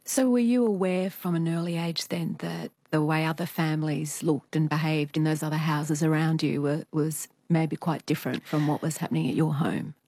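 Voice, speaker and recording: Woman radio host with gentle questions. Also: low-pitched, steady tone, moderate pace, hardly any pauses, dry recording. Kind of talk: radio interview.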